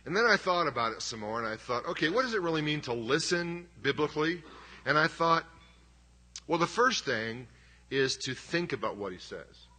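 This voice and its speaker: Middle-aged guy preaching, husky bright voice, chatty and punchy, jokes about himself. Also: fairly high pitch, sing-song, normal speed. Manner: conversational, emphatic, self-deprecating humor. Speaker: pastor. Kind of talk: sermon.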